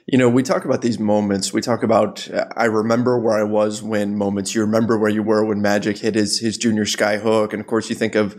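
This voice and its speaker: A man hosts a sports podcast in a relaxed, conversational way. He asks questions and laughs along with his guest. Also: on the low side, a little fast, few pauses. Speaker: podcast host. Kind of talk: casual podcast talk.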